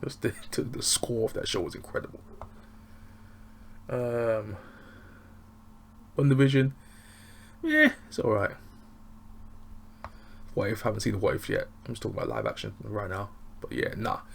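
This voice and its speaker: A man's voice: fairly low pitch, big pitch swings, moderate pace, gravelly, long pauses, a bit bright, slight background noise. An English man reviewing a show in a loose, rambling, chatty way. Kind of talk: casual review chat.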